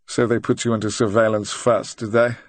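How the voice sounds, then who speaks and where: A man voicing a dry, probing retired agent of fifty, speaking slowly and quietly. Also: fairly low pitch, level tone, no echo, natural voice. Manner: slow, quiet, deliberate.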